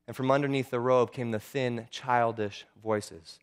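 A man's voice: mid-range voice, fairly even intonation, moderate pace, smooth. A man narrating a true-life story in an earnest way, now and then stumbling and repeating words.

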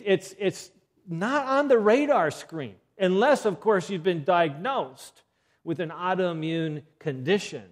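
A man's voice: on the high side, darkish tone. A man giving an earnest health lecture, emphatic and given to repeating key points.

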